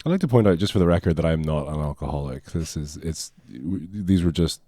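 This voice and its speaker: A man's voice: a bass voice, expressive, a little fast, dark tone, no echo. A Northern Irish man co-hosting, commenting on his own comedy sketches in a dry, self-mocking way. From Northern Ireland. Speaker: co-host, comedy writer.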